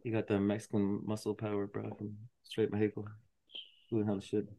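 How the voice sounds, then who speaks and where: A man telling his stories in casual podcast chat, profane and animated, acting out what others said. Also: fairly low pitch, brisk. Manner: profane, animated storytelling with acted-out quotes.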